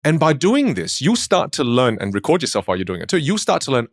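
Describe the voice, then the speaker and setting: A man's voice: medium pitch, quick pace, no echo, clean studio sound. An Australian man, a communication coach, talking in an interview and telling stories with voices. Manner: animated storytelling, puts on voices. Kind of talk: conversational interview.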